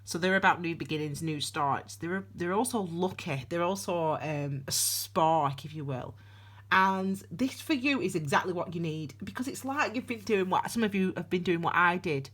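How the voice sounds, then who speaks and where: A woman with a lowish, somewhat bright, animated voice gives a casual tarot reading to camera at a moderate pace, recorded on a desk camera. She chats and rambles, laughing and restarting her sentences.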